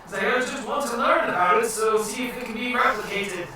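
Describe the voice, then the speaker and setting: A man's voice: very high voice, fairly quick, pushed and bright, a little hiss or hum, voice pushed up. A man voicing a meek, middle-aged bearded human arcanist caught stowing away, pleading and flustered. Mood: flustered explaining. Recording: echoey room, far from mic.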